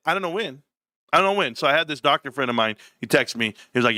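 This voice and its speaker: A brash man hosts a casual livestream, joking with his viewers. His pitch swings wildly from low mutters to high yelps, and his voice is bright and sharp. The sound is dry and close. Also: lively intonation, quick pace, no room sound. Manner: brash, joking, jumps between low mumbles and high outbursts. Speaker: livestream host.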